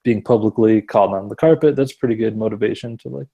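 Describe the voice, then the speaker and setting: A man's voice: on the low side, fast talker, gravelly, slightly rough, dull audio. A man co-hosting a podcast, talking in a laid-back, thoughtful way with fillers and easy laughs. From Wisconsin. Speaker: podcast co-host. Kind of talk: casual chat.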